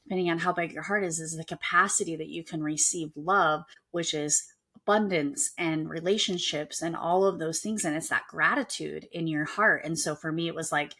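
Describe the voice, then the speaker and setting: A woman with a deep, bright and forceful voice hosts a podcast from home at a moderate pace, with children and a dog nearby. In a casual conversational interview, she chats and animatedly acts out quoted voices.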